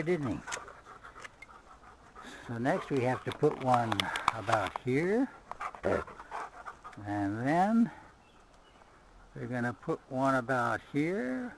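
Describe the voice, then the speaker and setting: A man's voice: medium pitch, sing-song, takes it slowly, creaky, pauses often, background noise. An older man giving a chatty running commentary outdoors as he works on his car. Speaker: vlogger. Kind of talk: casual do-it-yourself vlog.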